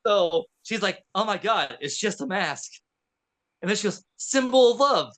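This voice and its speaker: A man co-hosting a podcast in a studio, retelling a film with lively acted-out lines. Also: high voice, normal speed, loud music behind the voice. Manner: animated storytelling, acts out characters' lines. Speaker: podcast co-host. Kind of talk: casual movie recap chat.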